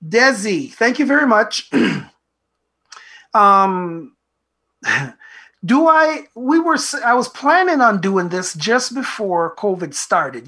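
Male self-help show host, husky voice, earnest and reflective. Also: high voice, a bit bright.

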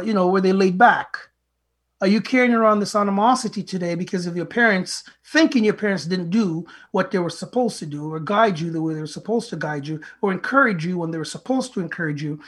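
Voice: medium pitch, a bit bright, husky. A podcast host giving an earnest, motivational talk that is full of rhetorical questions and direct advice to listeners. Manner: earnest, preachy, asks many rhetorical questions; retells a fable in plain speech.

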